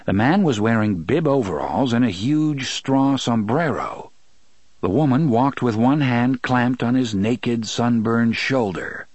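Husky male audiobook narrator. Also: medium pitch, measured pace, no room sound. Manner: expressive storytelling, many voices. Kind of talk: scripted narration.

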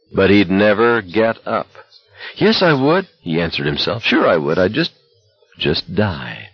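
Deep, husky male audiobook narrator. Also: no echo, highs cut off. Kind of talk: scripted narration.

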